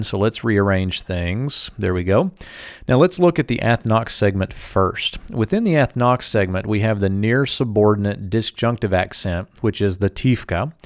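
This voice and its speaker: A man teaching a Hebrew language lesson in a calm, methodical way, walking through each term step by step. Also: fairly low pitch, dry recording, clean studio sound. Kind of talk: screen-share Bible language lesson.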